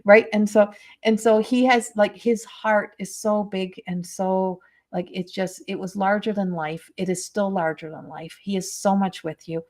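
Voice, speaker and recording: A woman's voice: mid-range voice, steady tone, measured pace, a little mellow. Rambling, tender woman giving a psychic reading. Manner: rambling, hesitant, full of fillers and restarts; tender and emotionally moved. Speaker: medium and spiritual coach.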